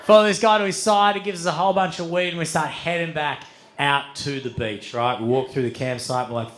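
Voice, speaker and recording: A man telling a long story on stage as a stand-up comedian, swearing freely and getting animated. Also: mid-range voice, a little fast. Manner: animated, swearing, building to shouts.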